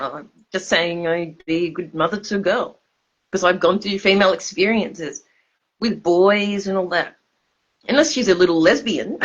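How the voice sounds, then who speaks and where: A woman's voice: on the low side, a bit bright, highs cut off. A tipsy woman with an Australian accent rambling casually on a livestream, loose and repetitive, laughing mid-sentence. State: drunk, slurring.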